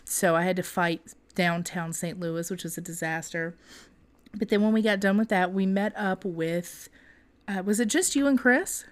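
Woman telling a lively story. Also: on the low side, moderate pace. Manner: animated, laughing storyteller. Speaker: podcast co-host. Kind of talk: casual storytelling chat.

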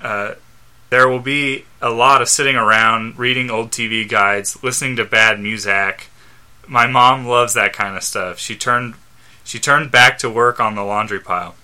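A man on a casual podcast reading fan fiction aloud, halting and stumbling over lines and laughing at the text. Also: medium pitch, fairly even intonation, bright, forceful tone, clear, resonant tone. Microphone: studio microphone.

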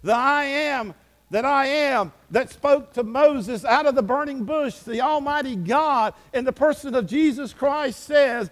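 A man delivers a sermon. He preaches with fervor. His pitch and volume climb and fall away again. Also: unhurried. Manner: fervent preaching, rising and dropping in pitch and volume. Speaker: pastor.

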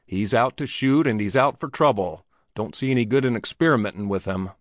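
Grim, curt saloon regulars in a Western storybook reading, voiced by a male narrator. The tone is low and terse. It is recorded dry and close. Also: a little fast, dry recording, lightly acted.

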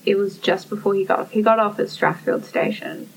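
A woman's voice: mid-range voice, fairly quick, gravelly, recorded from a distance, low-quality recording. A young woman talks candidly in an easy, casual chat. She swears freely and acts out what others said to her. A faint hiss sits behind her voice. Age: young adult.

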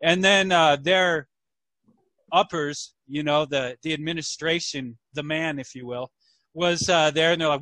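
A man chatting on a podcast, telling a story and jumping into voices for each person in it. His voice is bright and forward, pitched a little high for a man. The sound is dry and close, with no room behind it. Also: normal speed, no room sound. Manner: animated, acts out characters in voices. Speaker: podcast co-host. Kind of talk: casual storytelling chat.

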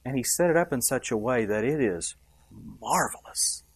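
A man's voice: medium pitch, expressive, moderate pace, husky, no echo. A man preaching a sermon, emphatic and rising and dropping for effect, asking the congregation questions. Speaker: pastor.

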